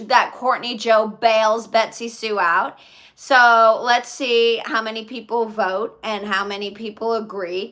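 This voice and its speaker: A woman hosts a live stream, answering her viewers' comments in easy, chatty talk. Her voice is bright and sits a touch high. She takes her time and speaks at an unhurried pace. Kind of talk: casual live-stream chat.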